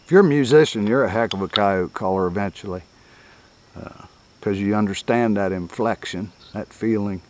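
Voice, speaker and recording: Older man, lowish voice, easygoing rambling how-to talk with chuckles. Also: moderate pace, darkish tone. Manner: folksy, rambling, chuckles often. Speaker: coyote hunting instructor. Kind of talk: casual outdoor teaching.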